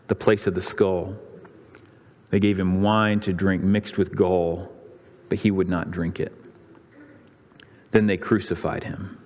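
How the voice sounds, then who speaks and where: A man preaching a sermon, retelling the scripture story with dramatic flair and voicing the crowds. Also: darkish tone. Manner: dramatic storytelling, voicing the crowds' and priests' lines with rising pitch. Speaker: pastor. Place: church sanctuary. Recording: long reverb of a church hall.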